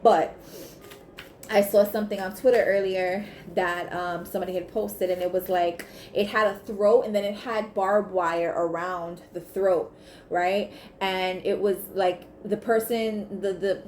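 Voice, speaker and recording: A woman's voice: mid-range voice, fairly even intonation, measured pace, darkish tone, a little hiss or hum. A woman giving a casual tarot reading to camera, blunt and emphatic, swearing freely. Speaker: tarot reader. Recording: echoey room with faint ambience.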